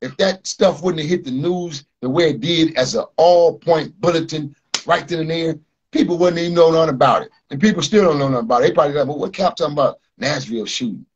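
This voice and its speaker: A man's voice: on the high side, quick pace, husky, lo-fi sound. A man hosting a podcast, talking bluntly and profanely, speaking straight to his listeners. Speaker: podcast host. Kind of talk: casual podcast rant.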